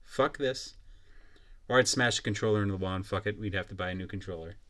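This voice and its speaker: A man's voice: deep voice, fairly even intonation, very fast, a bit bright. A young man hosting a podcast, ranting in a blunt, profane and mocking way. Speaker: podcast host. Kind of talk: casual solo podcast rant.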